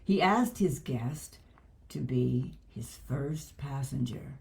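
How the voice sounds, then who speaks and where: A woman's voice: very deep voice, animated, vocal fry. Woman reading a storybook aloud. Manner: gentle, measured storybook reading. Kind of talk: reading a children's book aloud.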